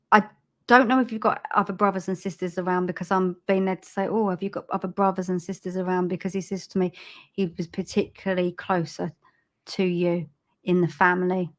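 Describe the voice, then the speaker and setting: A woman giving a live-streamed psychic reading, soft and halting, with frequent ums and repeated phrases. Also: lowish voice. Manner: laughs at herself over tech trouble. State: choked up with emotion. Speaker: psychic medium.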